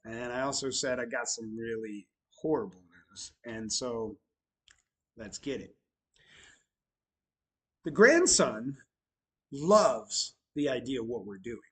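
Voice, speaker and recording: A middle-aged man casually telling stories about his new bar, animated, swearing now and then, swinging from loud bursts to low mutters. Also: slow pace, long pauses, slightly rough, low-quality recording. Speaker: bar owner vlogger. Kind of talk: casual storytelling vlog.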